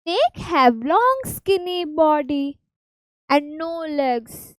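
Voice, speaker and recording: A woman with an Indian English accent teaching reptiles to small children, slowly naming each animal in a sing-song way. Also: sits high, big pitch swings, no room sound, rough recording. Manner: slow, sing-song, stretches key words. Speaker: preschool teacher.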